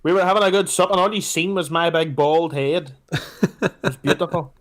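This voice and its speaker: A young Irish man with a fairly high voice chats eagerly on a casual podcast. He talks in an animated way and often restarts his sentences. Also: normal speed. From Ireland. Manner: animated, chatty, with hesitant restarts. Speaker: podcast co-host. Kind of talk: casual chat.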